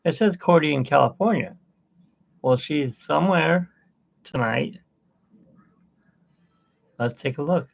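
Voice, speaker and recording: Gravelly rambling man on a livestream. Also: on the high side, slow pace, pauses often, lo-fi sound. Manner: rambling, chatty, self-interrupting. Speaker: art channel host. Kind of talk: casual livestream chat.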